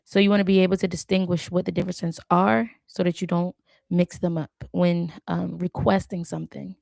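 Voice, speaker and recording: A woman with a low, gravelly voice talks slowly through a live study session. She repeats each word aloud and corrects herself as she goes, in a casual, chatty way. The sound is dry and close. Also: level tone, darkish tone, dry recording. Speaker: language learner hosting a live stream.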